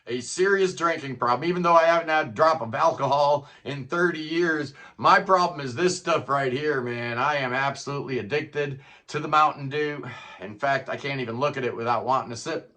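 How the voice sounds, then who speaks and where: A man's voice: medium pitch, fairly quick, sharp tone. A middle-aged man talking in a casual, rambling solo monologue as a music vlogger, often tacking "man" onto his sentences.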